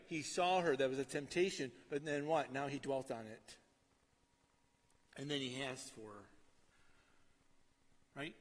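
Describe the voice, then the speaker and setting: A middle-aged man preaching a sermon in a conversational way, often asking "right?" and dropping to a quiet storytelling tone. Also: on the high side, big-room sound. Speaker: pastor.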